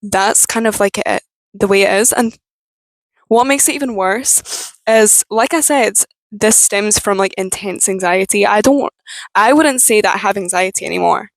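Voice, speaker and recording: A young woman speaks to camera in a frank personal talk, cursing freely and breaking off mid-thought. Her voice sounds strained and tense, and it sits at an ordinary middle pitch. The sound is dry and close. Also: no room sound, poor audio. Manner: frank, swears freely, halting restarts. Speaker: vlogger.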